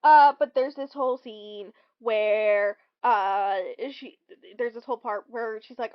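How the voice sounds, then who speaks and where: High-voiced woman rambling through a film recap. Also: fairly even intonation, slow pace, hardly any pauses, clear, resonant tone. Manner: rambling, lots of ums, acts out quotes in bursts. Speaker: podcast co-host. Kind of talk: casual chat recapping a film. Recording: dull lo-fi recording.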